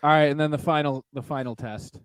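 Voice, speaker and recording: A man's voice: a little high, steady tone, fairly quick. A man co-hosting a podcast, teasing his guests as he runs a casual quiz. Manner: joking, teasing quizmaster. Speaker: podcast co-host. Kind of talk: casual chat.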